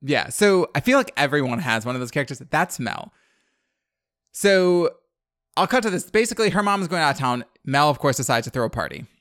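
A man's voice: fairly high pitch, very animated, fairly quick, a bit bright, no echo, studio quality. A young man co-hosting a podcast, recapping a movie in rambling casual chat full of "like" and laughter. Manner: rambling, filler-heavy, laughing often. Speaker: podcast co-host.

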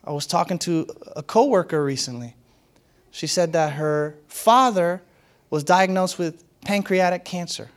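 A man's voice: high-pitched, measured pace. Playful, conversational male pastor preaching. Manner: conversational and playful, laughs often, acts out quotes. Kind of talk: sermon.

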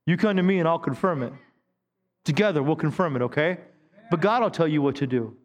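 A man's voice: a little high, expressive, fairly quick, long reverb tail. A man in his fifties, a pastor preaching a sermon in a conversational way, with stammered restarts. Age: 50s. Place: church sanctuary.

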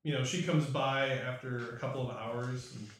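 A man narrating as game master in a tabletop game, casual and halting, with many fillers. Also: medium pitch, fairly even intonation, a little hiss or hum. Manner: loose, many fillers and hesitations. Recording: very echoey room, mic far off.

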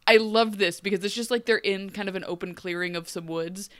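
A woman co-hosting a podcast, giving a wry, animated recap with frequent laughs. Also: mid-range voice, brisk. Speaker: podcast co-host. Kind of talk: casual recap chat.

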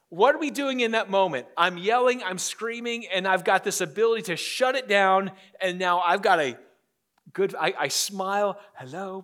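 A middle-aged male pastor delivers a sermon in a notably high voice. He talks with animation and often restarts his phrases by repeating words. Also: fairly bright tone.

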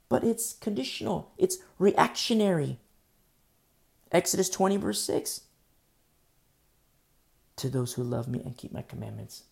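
A man preaching a sermon, earnest, swinging between soft pleading and emphatic outbursts. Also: mid-range voice, gravelly.

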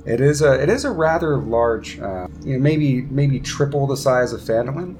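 A man running a tabletop game as game master, describing the scene in a loose, rambling way with many fillers. His pitch moves around a lot. There is a faint hiss behind him. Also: animated, normal speed, a little mellow.

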